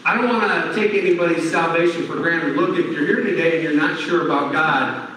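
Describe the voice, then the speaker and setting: Folksy preacher in an echoey hall. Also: male voice, on the high side, a little fast, fairly bright tone, a little hiss or hum. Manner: folksy and conversational, leans on "look" and "I tell you what". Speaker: prison ministry preacher. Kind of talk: sermon. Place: church sanctuary. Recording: echoey hall, heard from far off.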